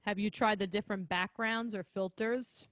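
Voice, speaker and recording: A woman's voice: mid-range voice, fairly even intonation, moderate pace, fairly bright tone, no room sound. Curious woman host, dry close sound. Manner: curious, peppered with "like". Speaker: podcast host and speech therapist. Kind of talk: casual interview chat.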